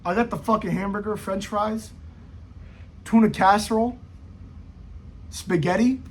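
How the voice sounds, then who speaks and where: Husky, high-voiced guy ranting. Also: measured pace. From United States. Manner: rambling, slangy, profane, jumpy pitch swings. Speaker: football vlogger. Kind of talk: casual rant to camera.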